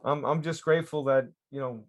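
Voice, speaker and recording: A man hosting an interview, speaking in an earnest, reflective and halting way. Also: a little high, fairly even intonation. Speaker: podcast host, battalion chief. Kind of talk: conversational interview.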